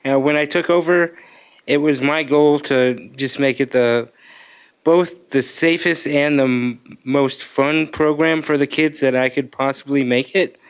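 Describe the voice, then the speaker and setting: A man's voice: medium pitch, fairly even intonation, a little slow, clear, resonant tone. A man who manages a school program, giving modest, plain acceptance remarks.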